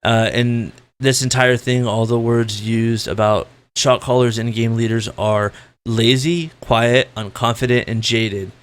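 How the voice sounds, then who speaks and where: A man ranting as a gaming commentator, with a gritty voice and a loud, blunt, profane way of talking. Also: medium pitch, steady tone, measured pace, clear, resonant tone.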